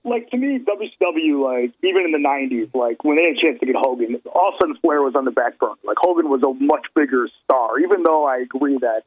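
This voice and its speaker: A man's voice: medium pitch, expressive, quick pace, few pauses. A man co-hosting a casual wrestling podcast who gives firm opinions with lots of "like" and "you know". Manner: opinionated, many fillers. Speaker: podcast co-host. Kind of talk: casual chat. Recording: husky, phone-like sound.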